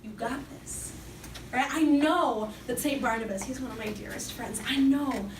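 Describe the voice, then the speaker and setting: A woman with a fairly high voice and moderate pace preaches to young people at a Catholic summer program, keeping her faith talk casual and joking. The recording comes from an echoey room with a distant mic and background noise.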